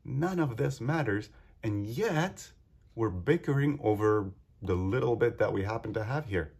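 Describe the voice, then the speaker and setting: A man's voice: lowish voice, expressive, moderate pace, gravelly, a little mellow, slightly rough. A man hosting a solo podcast, talking earnestly and with feeling, full of rhetorical questions. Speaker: podcast host.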